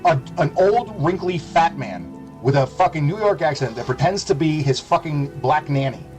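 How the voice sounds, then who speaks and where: A man's voice: a little high, lively intonation, normal speed, darkish tone, faint music behind, rough recording. A young adult male streamer delivering a sarcastic, profanity-heavy rant on his livestream.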